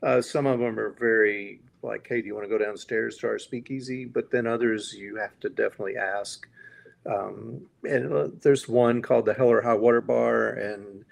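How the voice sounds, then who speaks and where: A man with a low, gravelly voice talks casually as a podcast guest. He runs bourbon tours and explains things in an easygoing way, with plenty of fillers. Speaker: guest, bourbon tour operator.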